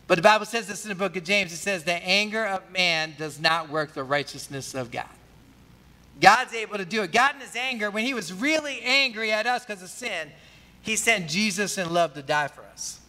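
A man preaching a sermon with a high, bright, forceful voice. He keeps it conversational, tossing questions out to the congregation. A long reverb from a big hall trails every phrase. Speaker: pastor.

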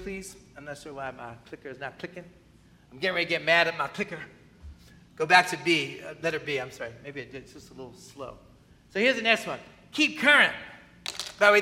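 A man preaching a sermon as pastor, animated and often asking the audience questions. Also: sits high. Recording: long hall reverb.

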